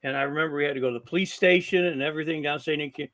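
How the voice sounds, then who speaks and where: Talking rapid-fire in a fairly high voice, with a faint hiss or hum on the recording, an older guest shares anecdotes on a casual podcast. He's a longtime wrestling promoter and ring announcer who animatedly plays out every quoted exchange.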